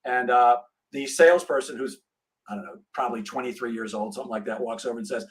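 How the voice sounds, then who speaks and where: On a podcast interview, a middle-aged man who trains salespeople recounts a story with lively energy, performing each line of dialogue. He talks fast at a medium pitch, captured on a low-quality recording.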